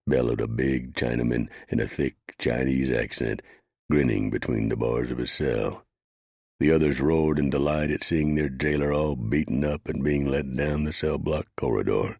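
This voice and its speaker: A man reading a western audiobook in measured scripted narration. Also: very deep voice, creaky, darkish tone, no room sound, clean studio sound.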